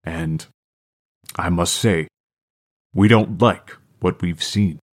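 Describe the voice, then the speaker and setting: Picture a stiff small-town mayor in a tweed suit, voiced by a male narrator. He talks formally and slowly in a low voice, impatience kept just under the surface. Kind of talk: audiobook character reading.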